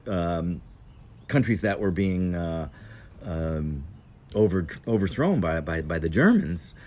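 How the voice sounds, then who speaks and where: A man's voice: deep voice, a little mellow. A man telling a casual, meandering travel story on an outdoor patio. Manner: meandering, digressive, unhurried.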